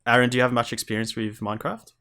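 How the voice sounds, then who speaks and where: A man co-hosting a gaming podcast, easygoing and quick to laugh as he moves through news topics. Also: medium pitch, level tone, fairly bright tone. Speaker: podcast co-host. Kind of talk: casual chat.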